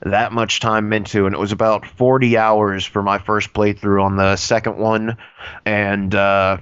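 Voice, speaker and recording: A man's voice: fairly low pitch, little pitch movement, measured pace, a bit bright, smooth, dry recording, dull audio. A man co-hosting a podcast, chatting casually and rambling earnestly. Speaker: podcast co-host. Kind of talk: casual chat.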